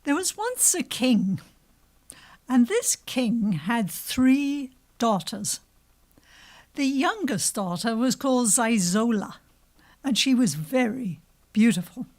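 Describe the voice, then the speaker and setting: A woman telling a folk tale aloud to an adult audience, slow and expressive. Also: a little high. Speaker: storyteller. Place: live storytelling venue.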